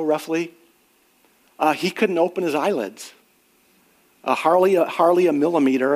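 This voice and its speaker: A middle-aged man delivers a sermon to his congregation. His voice sits a little higher than most men's, and he talks in an earnest, conversational way that lifts on emphatic questions. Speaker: pastor.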